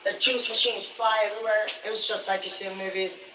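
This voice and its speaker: A man's voice: high-pitched, flat delivery, fast. A man telling rambling, profane stories about fishing work on a live stream, loose and boastful. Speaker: livestreamer, former commercial fisherman. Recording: echoey, distant, noisy room.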